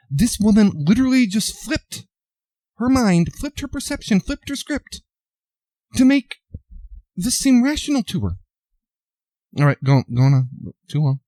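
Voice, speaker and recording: A man's voice: sits high, darkish tone, dry recording. A man doing commentary, reading out an article and mocking it sarcastically, often repeating words. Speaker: commentary vlogger.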